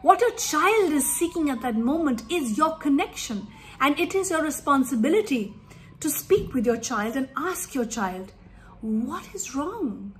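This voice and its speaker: A woman's voice: high-pitched, expressive, normal speed, slight background noise. A woman parenting coach giving earnest, emphatic advice to parents in an instructive talk.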